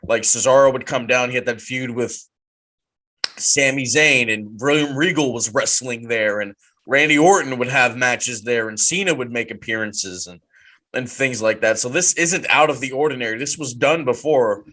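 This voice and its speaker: A medium-pitched man chats casually as co-host of a wrestling podcast, growing animated and repeating himself fast whenever he gets on a roll.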